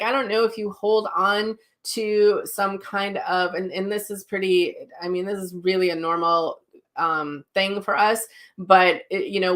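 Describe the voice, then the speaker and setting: Soothing, hesitant woman giving psychic readings. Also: fairly low pitch. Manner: gentle, reassuring, with many ums and restarts; relays messages in quoted voices. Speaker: psychic medium host. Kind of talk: live-streamed readings.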